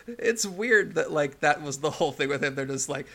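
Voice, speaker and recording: Bright-voiced young man chatting. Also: on the high side, lively intonation, normal speed, gravelly. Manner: laughing, many restarts. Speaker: podcast co-host. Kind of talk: casual chat.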